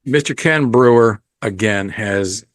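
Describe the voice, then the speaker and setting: A low-voiced man hosts a podcast, offering a casual, rambling film review packed with ums and blunt profanity. He speaks unhurriedly, and the recording has no echo.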